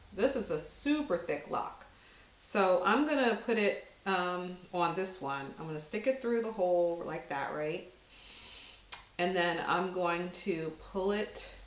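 A woman talks through her handmade jewelry in a relaxed demonstration, chatty and unhurried, filling pauses with ums while her hands are busy. Her voice sits at an ordinary middle pitch. The recording has a roomy echo around it. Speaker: jewelry maker showing her own designs. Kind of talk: casual product demonstration.

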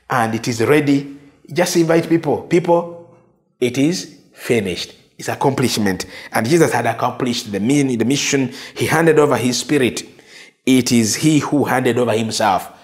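A man preaching a sermon, slow and emphatic, repeating phrases and dropping to soft quotes. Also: medium pitch.

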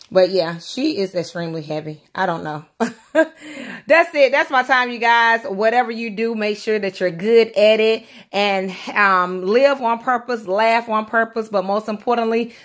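A chatty woman talks to her viewers while unboxing a doll at home. She calls them "y'all" and talks in a loose, casual way. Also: medium pitch. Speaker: doll collector vlogger. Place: indoors at home, by a window.

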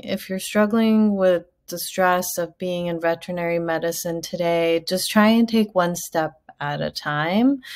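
A woman veterinarian hosting her own channel, talking casually to camera with lots of fillers and asides. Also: lowish voice. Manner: chatty, many fillers and asides.

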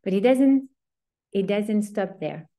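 A woman's voice: mid-range voice, animated, slow pace, dark tone. A woman giving a Torah lesson, earnest and emphatic, often restarting her sentences. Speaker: Torah teacher.

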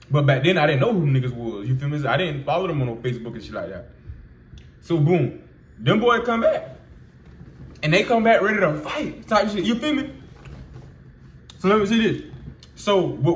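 A man's voice: a little high, a bit bright, roomy sound. A man in his twenties telling a personal story in loose, profane slang with lots of fillers. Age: 20s. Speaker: vlogger. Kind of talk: casual storytelling.

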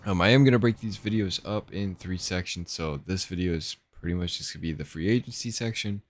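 A young man hosting his own gaming channel, giving relaxed, rambling commentary and thinking aloud as he plays. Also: deep voice, a little fast, dry recording. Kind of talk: casual gameplay commentary.

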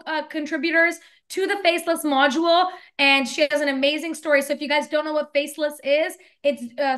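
A woman's voice: sits high, a bit bright. A woman hosting a webinar over a video call, gushing and effusive as she praises her guests. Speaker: webinar host.

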